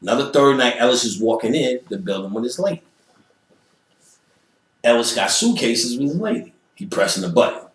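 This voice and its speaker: A man's voice: mid-range voice, lively intonation, brisk, pauses often. A man being interviewed, telling a profane story with lots of energy and acting out other people's voices and sound effects. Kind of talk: animated storytelling. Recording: roomy echo.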